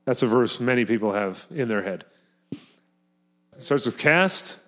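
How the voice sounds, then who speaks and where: A man's voice: medium pitch, animated, unhurried, pauses often, pushed and bright. A man preaching a sermon as pastor, talking earnestly and emphatically, often repeating words and phrases for effect.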